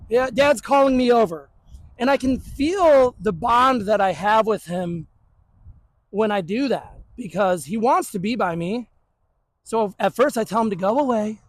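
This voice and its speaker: In a rough recording, a man with a high-sitting voice explains dog training in casual teaching talk. He's a trainer with a blunt, joking manner who puts on the dog's voice.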